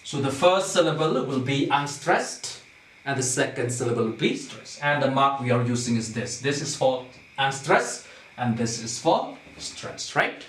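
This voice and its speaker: A male teacher walks a class through poetic meter, repeating each point and stopping to ask "okay?". He speaks very slowly and deliberately. His voice sounds distant from the mic in an echoey room. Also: mid-range voice, very animated, a bit bright, slight background noise. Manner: slow, repetitive, checks understanding with "okay?".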